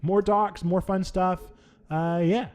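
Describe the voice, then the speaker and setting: A young adult man hosting a let's play, talking over the game in playful mock outrage with big swings in pitch. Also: fairly even intonation, slow pace, darkish tone, smooth. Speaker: gaming channel host.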